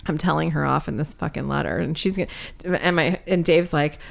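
A woman in her thirties, a podcast co-host, telling a story in a casual, profane, animated way and quoting other people's voices. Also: low-pitched, a little fast, vocal fry. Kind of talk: casual chat.

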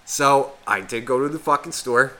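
A man's voice: mid-range voice, moderate pace, sharp tone. A man co-hosting a podcast, telling a rambling story in casual chat full of swearing. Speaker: podcast co-host.

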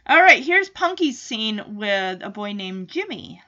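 A woman's voice: medium pitch, sing-song, a little slow, bright, forceful tone, muffled recording. Chatty, rambling woman podcast host. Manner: rambling, thinks aloud, many fillers and restarts. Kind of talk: casual recap of a TV episode.

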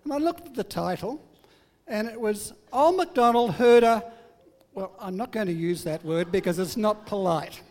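A man's voice: sits high, animated, moderate pace, darkish tone, big-room sound. An older man giving a sermon, telling family stories in a humorous, self-deprecating way. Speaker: preacher.

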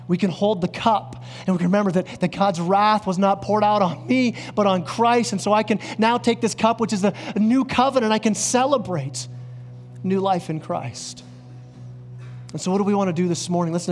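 A male pastor preaching an earnest sermon, dropping lower and slower on key words. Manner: earnest, drops low and slow on key words. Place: church.

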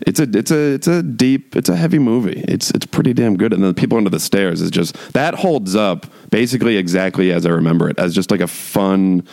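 Low gravelly man, rambling casual chat. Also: brisk, few pauses, a little mellow, dry recording. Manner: rambling, heavy use of "like", frequent restarts; wry, chuckling asides.

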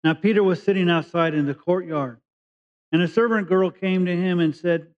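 A man's voice: sits high, normal speed. A man from California preaching a sermon, reading scripture and explaining it in a conversational way with frequent restarts. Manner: conversational preaching, restarts, rising emphasis on key words. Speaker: pastor. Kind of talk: sermon, Bible teaching. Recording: dull lo-fi recording.

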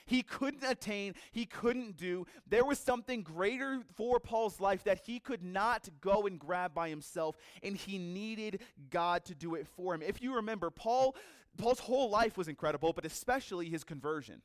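A male pastor preaching a sermon, telling a story with lively energy and acting out the characters he quotes. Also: sits high, moderate pace, no echo, clean studio sound.

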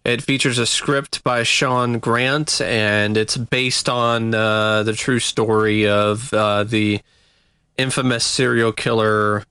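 A man co-hosting a podcast, talking casually and haltingly with lots of fillers. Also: fairly low pitch, fairly even intonation, pushed and bright, smooth, no echo. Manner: hesitant, many fillers. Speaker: podcast co-host. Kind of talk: casual chat.

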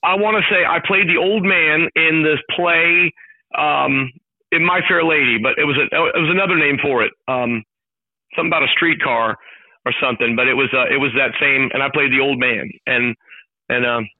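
A man calls in as a radio guest, talking sports with eager, hyped energy. His voice sits a touch high and comes through a thin, phone-like line. The sound is dry and close, with no room around it. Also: normal speed, no room sound. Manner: enthusiastic, hyped storytelling. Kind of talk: casual radio chat.

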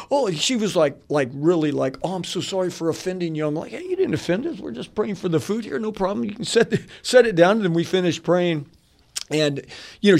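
Gravelly animated pastor telling a story. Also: male voice, a little high. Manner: animated, rambling, many fillers, laughs often. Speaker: pastor, radio guest. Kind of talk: casual storytelling. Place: radio studio.

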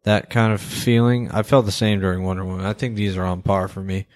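A man's voice: deep voice, level tone, brisk, a little mellow, no echo, studio quality. A man talking casually and bluntly on a movie podcast, rambling with lots of fillers and the odd swear word. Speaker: podcast co-host. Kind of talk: casual movie-review chat.

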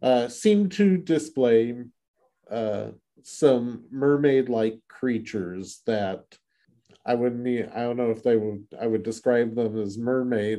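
Mellow-voiced man chatting about a book. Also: mid-range voice, slow. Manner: rambling, many restarts and fillers. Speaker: podcast co-host. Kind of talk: casual book discussion.

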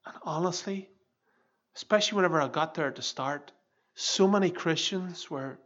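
A man's voice: fairly high pitch, moderate pace, fairly bright tone, muffled recording. A pastor in his fifties preaching an earnest, emphatic sermon. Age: 50s.

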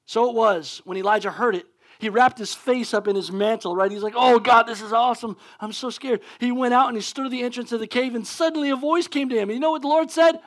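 A man preaching a sermon as pastor, casual and conversational, acting out scenes with animated energy. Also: very high-pitched, fast talker.

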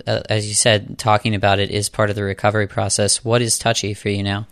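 Smooth-voiced podcast host. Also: male voice, fairly low pitch, level tone, fast, no room sound, studio quality. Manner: gentle, friendly questioning. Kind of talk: interview.

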